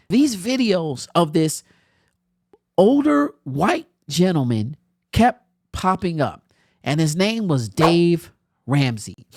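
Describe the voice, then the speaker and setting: With a lowish voice captured in clean studio sound without echo, a young woman hosting a podcast relates a personal story conversationally, animated and laughing now and then.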